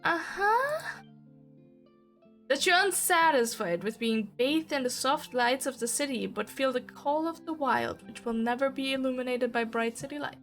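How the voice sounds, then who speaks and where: Woman reading as a pompous noble gentleman. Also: high voice, animated, normal speed, soft background music. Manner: flowery, formal and condescending. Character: pompous, elegant male city noble.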